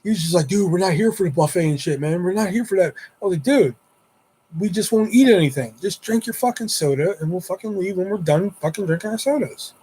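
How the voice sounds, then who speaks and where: A man tells a winding personal story straight to his viewers, swearing freely as he goes. He acts out his friends' lines in the middle of telling it. His voice sits a little high for a man. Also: animated, fairly quick, dark tone, husky. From Houston area. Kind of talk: casual storytelling.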